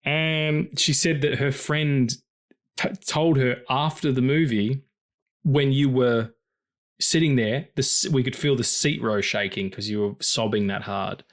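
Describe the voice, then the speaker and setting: Animated, excitable man podcaster. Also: a little slow. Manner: animated, swears often, pitch leaps when excited; passionate and emotional about stories. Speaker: podcast co-host. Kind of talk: casual film-review chat.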